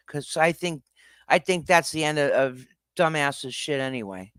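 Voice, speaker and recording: A man's voice: fairly high pitch, normal speed, a bit bright, clean tone, no room sound, studio quality. Angry man ranting on a livestream. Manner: confrontational, profane, calling people out. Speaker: livestream host.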